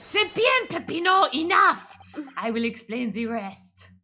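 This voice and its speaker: A woman voicing a smug, scheming male French swindler with a put-on French accent, speaking in a theatrical, drawn-out way. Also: fairly high pitch, a bit bright, slight background noise, lightly acted. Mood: commanding. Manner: theatrical, drawn-out, self-satisfied. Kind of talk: reading game dialogue aloud on stream.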